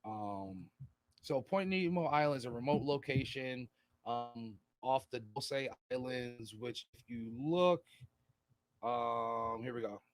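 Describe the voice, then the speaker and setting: A man's voice: mid-range voice, slow pace. Rambling, profane male podcast co-host. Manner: rambling, profane, slips into put-on voices. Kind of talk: casual chat.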